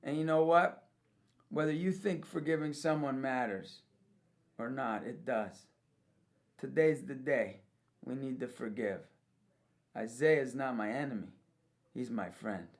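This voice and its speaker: A man giving a devotional testimony, telling a story in an animated way and often laughing as he talks. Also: medium pitch, a little slow, vocal fry, pauses often.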